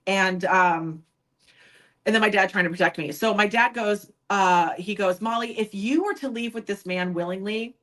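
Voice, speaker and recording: A woman's voice: mid-range voice, normal speed, fairly bright tone, poor audio. A woman guest on a podcast, speaking candidly about her past and acting out other people's lines when she quotes them. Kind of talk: personal storytelling in an interview.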